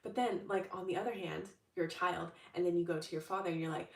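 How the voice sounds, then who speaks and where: A woman's voice: lowish voice, steady tone, fast talker, creaky, few pauses. Chatty woman coach in an echoey room. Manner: chatty, upbeat, many fillers and restarts. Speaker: manifestation coach. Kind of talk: casual livestream talk. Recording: roomy echo, distant from the mic.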